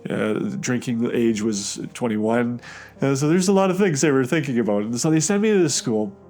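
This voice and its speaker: A man from Canada telling his personal testimony in a halting, conversational way, with frequent restarts and fillers. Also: medium pitch, expressive, darkish tone, soft background music. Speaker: guest sharing his testimony.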